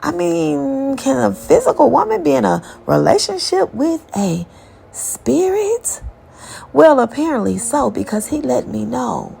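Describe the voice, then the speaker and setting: A woman's voice: high voice, very animated, measured pace, vocal fry, warm tone, slight background noise. A woman telling a personal spiritual story in a casual, candid and profane way.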